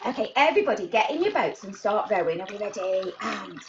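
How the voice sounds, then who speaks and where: A woman running a live online baby sign class, talking to toddlers in an animated, sing-song way. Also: medium pitch, a little fast, dull audio, a little hiss or hum.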